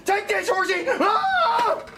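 A performer voicing a bratty, childish young man in a web puppet comedy, blunt and shouty. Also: extremely high pitch, big pitch swings, slow, very noisy, full character voice.

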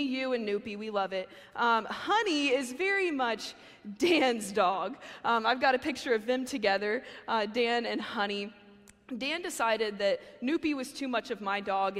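A young woman giving a casual chapel sermon, chatty and full of fillers. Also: a little high. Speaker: chapel speaker. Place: university chapel. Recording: long hall reverb.

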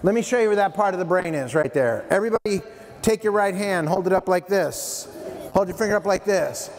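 A man giving a playful, animated prevention talk to middle schoolers at a school assembly, addressing them directly. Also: high-pitched, fairly quick. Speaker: youth prevention speaker. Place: middle school hall, indoors. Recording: long hall reverb, faint room noise.

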